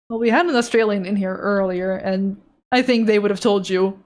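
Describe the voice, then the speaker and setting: A woman's voice: fairly high pitch, moderate pace. A woman from Europe streaming live as an artist, reading chat aloud and joking with her viewers in a teasing, playful way. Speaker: art streamer. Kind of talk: casual live-stream chat while drawing.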